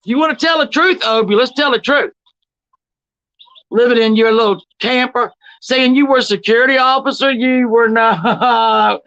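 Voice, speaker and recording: A woman's voice: on the high side, fairly bright tone, no echo, dull audio. Profane, combative woman ranting on a livestream. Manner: profane, combative, mocking, reads chat comments aloud and fires back. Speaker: livestream host. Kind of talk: confrontational livestream rant.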